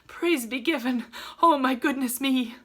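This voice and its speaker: A woman voicing an old, devout servant woman with a high, loud, rustic way of speaking. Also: a little slow. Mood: relieved.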